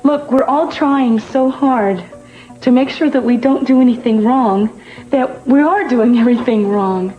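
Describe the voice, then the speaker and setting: A woman playing a soft-spoken, apologetic relative of the family in a 1980s TV soap opera. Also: fairly high pitch, unhurried, lightly acted. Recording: dull TV soundtrack with music.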